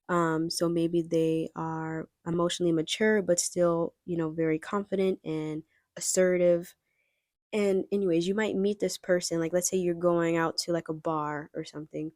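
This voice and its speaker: A woman's voice: on the low side, a little mellow, no room sound, clean studio sound. A young woman giving a casual pick-a-card tarot reading, chatty and rambling as she talks straight to her viewers. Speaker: tarot reader.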